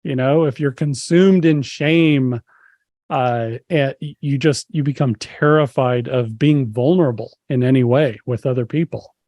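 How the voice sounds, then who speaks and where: A man's voice: medium pitch, measured pace, darkish tone, no echo, clean studio sound. Earnest man hosting a book discussion. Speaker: book club host. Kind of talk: casual discussion and reading aloud.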